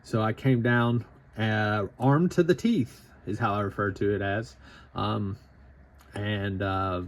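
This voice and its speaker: A man in his thirties with an Appalachian Southern drawl, telling a casual anecdote in a rambling, profane way full of fillers. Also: fairly low pitch. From Southern United States. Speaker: storytelling vlogger.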